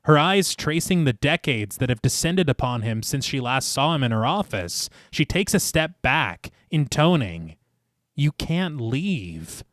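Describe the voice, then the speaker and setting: A man's voice: medium pitch, sing-song, normal speed, few pauses, a bit bright, dry recording, clean studio sound. A man co-hosting a podcast, reading a detailed film recap in a narrating voice and breaking into laughter between passages. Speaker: podcast co-host.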